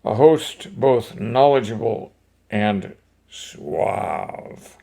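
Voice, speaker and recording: A man hosting a poetry reading, reading poems aloud with casual asides, unhurried, with fillers and throat-clearing. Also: lowish voice, dark tone.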